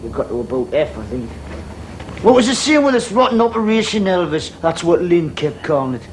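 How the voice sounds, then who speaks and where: A lively ten-year-old Geordie schoolboy, acted by a grown man, rattling along in a high voice that leaps all over the place. He is an eager daydreamer, chatty and quick to laugh at himself, in a children's stage play. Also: a little hiss or hum, low-quality recording. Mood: wistful. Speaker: boy narrator of his own story.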